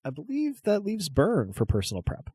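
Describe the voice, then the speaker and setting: Lively-voiced game master narrating. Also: male voice, on the high side, moderate pace, husky, dry recording. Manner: descriptive, relaxed narration with frequent fillers.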